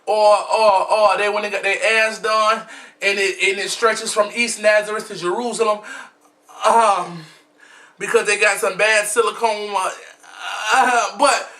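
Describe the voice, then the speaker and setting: Sassy high bright-voiced man. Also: fairly even intonation, measured pace. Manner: sassy, flamboyant, blunt, with frequent restarts. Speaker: vlogger recapping a reality show. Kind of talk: casual gossip commentary. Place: at home recording himself. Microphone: camera mic, self-recorded.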